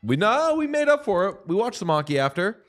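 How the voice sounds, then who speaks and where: A man's voice: high voice, big pitch swings, brisk, faint music behind. A man hosting a sports podcast in casual chat, playful and teasing. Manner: playful, teasing, jumps into sing-song bits. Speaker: podcast host.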